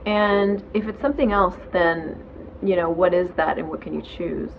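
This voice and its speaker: A woman's voice: fairly low pitch, normal speed, gravelly, narrow, tinny audio, a little hiss or hum. A woman hosting her own show, giving casual self-help talk from home in bed in a frank, chatty way with casual swearing. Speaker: podcast host.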